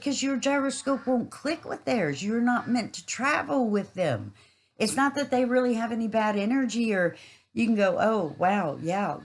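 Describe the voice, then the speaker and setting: Husky woman rambling about the universe. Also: mid-range voice, low-quality recording. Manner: rambling, earthy, swears freely. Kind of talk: casual spiritual monologue.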